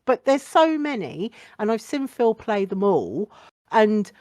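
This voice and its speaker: A woman's voice: mid-range voice, very animated, slow pace, a little mellow, no echo. Young woman, podcast guest, blunt and sweary, dry close mic. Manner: blunt, sweary, laughs often. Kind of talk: casual podcast chat.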